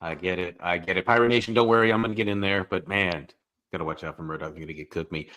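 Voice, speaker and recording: A man co-hosting a gaming podcast, reading questions in a relaxed, low-key way. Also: quick pace. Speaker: podcast co-host.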